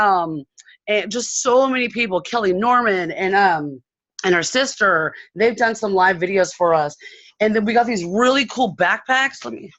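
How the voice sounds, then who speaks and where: A woman's voice: mid-range voice, a bit bright, no room sound. A woman from San Diego sharing a bubbly, rambling recap of a convention on a video call. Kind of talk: excited casual chat on a video call. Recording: dull, dry video call audio.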